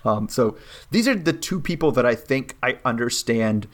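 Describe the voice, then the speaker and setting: An animated man co-hosts a casual podcast chat. He keeps saying "like" and slips into sarcastic mimicry to make his points. His voice sits at an ordinary pitch. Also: normal speed. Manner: animated, mimics people sarcastically, says "like" often. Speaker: podcast co-host. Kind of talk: casual chat recapping a reality show.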